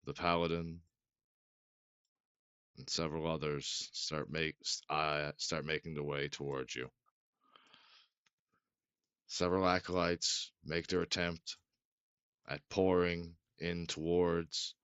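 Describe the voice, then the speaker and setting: A man's voice: extremely low pitch, fairly even intonation, slow pace, pauses often, a bit bright, smooth, no room sound. A man narrating as game master in a loose, swearing, laugh-prone way, recorded on a dull lo-fi mic.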